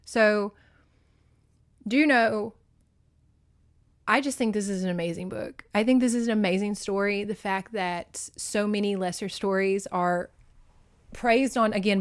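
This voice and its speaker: A woman hosting a podcast, recapping a book on her phone in an animated, emotional way, swinging between loud and hushed and cursing freely. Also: medium pitch, unhurried. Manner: laughs and curses freely. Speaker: podcast host. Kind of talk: casual book recap monologue.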